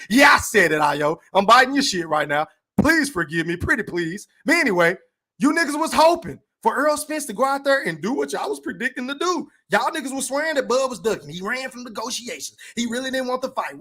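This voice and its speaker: Loud, animated man ranting on a podcast. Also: extremely high pitch, breathy edge. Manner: profane, animated, hypes donations with shout-outs. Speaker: podcast host. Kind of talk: livestream podcast rant.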